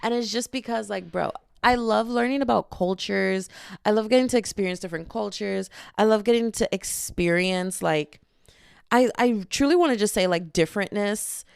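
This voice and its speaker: A woman's voice: medium pitch, normal speed, vocal fry, smooth, no echo, studio quality. A young woman in her twenties hosting a solo podcast, chatting casually in a rambling, self-deprecating, jokey way into a microphone. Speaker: podcast host.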